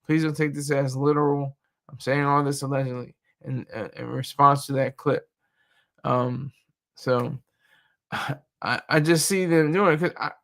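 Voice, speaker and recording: Guy on a livestream riffing on the news, kinda gravelly, jokey and rambly. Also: medium pitch, unhurried. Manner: animated, joking, rambling with fillers. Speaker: livestream host reacting to news. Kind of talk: casual livestream commentary.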